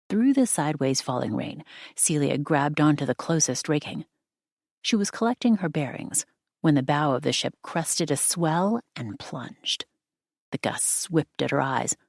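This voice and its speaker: A woman narrating an audiobook in a steady, measured storytelling manner. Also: deep voice, no room sound, clean studio sound. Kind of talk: scripted narration.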